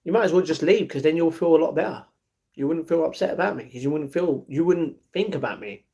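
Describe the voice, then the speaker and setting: A man's voice: a little high, lively intonation, fast talker, warm tone. A man, livestreaming and answering chat in a downcast, blunt way. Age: 40s. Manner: downcast, blunt, reads chat messages aloud and answers them.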